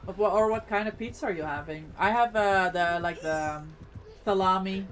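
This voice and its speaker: Woman, streamer, casual chat while gaming, reacting and greeting viewers, middle pitch. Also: moderate pace. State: eating while talking.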